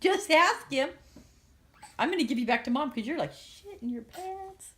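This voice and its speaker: A woman's voice: high-pitched, animated, a little fast. A woman in a home video, playing with a baby in cooing baby talk and doing fake sneezes. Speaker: family member playing with a baby.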